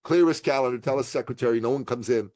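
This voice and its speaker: A middle-aged man from Iran, telling stories in an interview with lively delivery, acting out other people's voices and laughing often. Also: mid-range voice, quick pace, dry recording. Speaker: podcast guest, entrepreneur. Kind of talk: animated storytelling interview.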